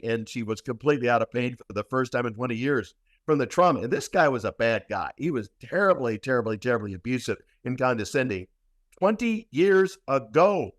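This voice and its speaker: A man telling a long story in a podcast interview, speaking at a middle pitch. He talks emphatically, repeats words for weight and often restarts. His voice is dry and close to the mic. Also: lively intonation, brisk, no echo. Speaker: guest practitioner.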